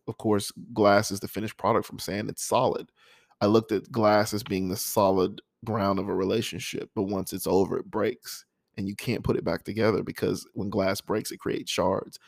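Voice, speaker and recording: Middle-aged guy reflecting on his poem, gravelly low voice, dry close sound, halting and emotional. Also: no echo. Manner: candid, emotional, halting with pauses and sighs. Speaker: poet. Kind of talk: personal reflective monologue.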